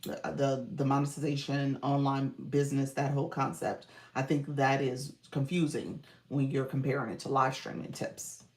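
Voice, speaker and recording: A woman's voice: very deep voice, little pitch movement, moderate pace, few pauses. A woman live-stream coach chatting casually, greeting viewers by name and explaining tips.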